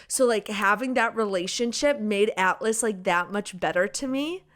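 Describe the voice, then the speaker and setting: A woman's voice: medium pitch, normal speed, a bit bright. A young woman co-hosting a podcast and chatting casually about a novel, full of "like" and "literally". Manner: chatty, says "like" and "literally" often. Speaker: podcast co-host. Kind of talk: casual book chat.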